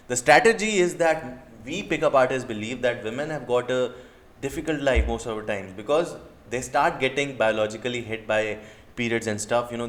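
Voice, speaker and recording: A man's voice: medium pitch, echoey room. An indignant man with an Indian English accent rants straight to camera. He is a dating coach firing off rhetorical questions and casual swearing in a heated reaction video.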